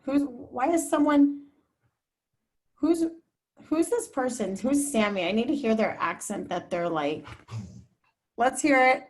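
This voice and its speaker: A woman's voice: fairly high pitch, expressive, slow pace, pauses often. A woman TV news reporter speaking as a guest, giving candid, chatty advice to students over a video call, with many fillers. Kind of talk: casual advice talk to students.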